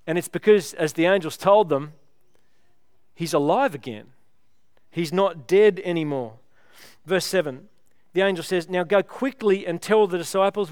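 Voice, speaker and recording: A man's voice: fairly high pitch, a little mellow, clear, resonant tone, no room sound, clean studio sound. A man preaching a sermon, retelling a story with rhetorical questions in a conversational way.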